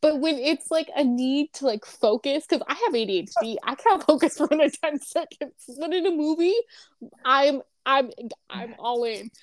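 A woman co-hosting a casual chat, telling animated stories and laughing often. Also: high-pitched, moderate pace, dry recording.

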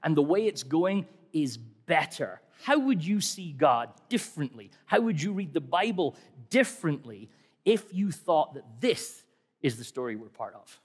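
A man's voice: a little high, very animated, a little slow, slightly rough. A middle-aged man preaching a sermon in a conversational, wry way, asking many rhetorical questions. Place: church hall. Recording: long hall reverb.

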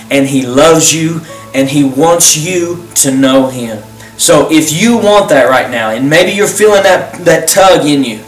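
A man who pastors and hosts the program, giving a fervent, repetitive closing altar call and leading a prayer. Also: fairly high pitch. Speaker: pastor and host. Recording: roomy sound, distant mic.

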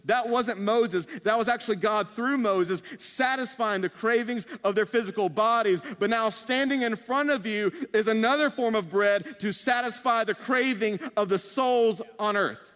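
High-voiced male preacher in a reverberant hall. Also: normal speed, few pauses, fairly bright tone. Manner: humorous, conversational preaching with playful acted asides. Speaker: pastor. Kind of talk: sermon. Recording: long reverb of a large hall.

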